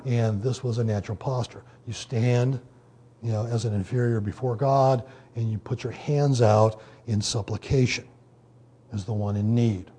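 A man preaching a sermon in a conversational teaching manner, often pausing with "okay" and "you know". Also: medium pitch, fairly even intonation, warm tone, husky. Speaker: pastor.

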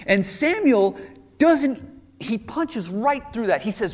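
A man preaching a sermon, telling the story with animated acted-out quotes. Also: very high voice, slow. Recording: long hall reverb.

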